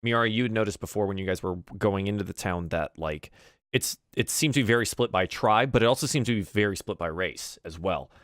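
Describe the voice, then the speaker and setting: A man's voice: on the low side, fairly quick, fairly bright tone, no echo, studio quality. A man narrating as game master of a tabletop game, rambling and full of fillers and restarts.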